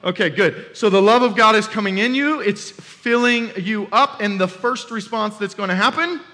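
A man's voice: sits high, moderate pace, pushed and bright, long reverb tail. A young adult man, a youth pastor, preaching a sermon in a church sanctuary, talking animatedly and conversationally and often asking the congregation questions.

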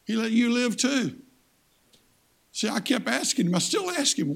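An older man preaching in a fairly high, gravelly voice. He drives his points home by repeating phrases and calling out to the congregation for a response. His delivery is emphatic and earnest. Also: sing-song, moderate pace, pauses often, a bit bright. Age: 60s. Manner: emphatic, repeats phrases for stress, calls on the audience. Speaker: guest preacher. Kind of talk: sermon.

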